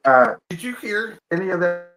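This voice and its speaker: A man's voice: high-pitched, sing-song, normal speed, sharp tone. A man hosting a live-stream interview over a video call, chatty, joking and rambling with frequent self-corrections. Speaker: interview host. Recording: dull lo-fi stream audio.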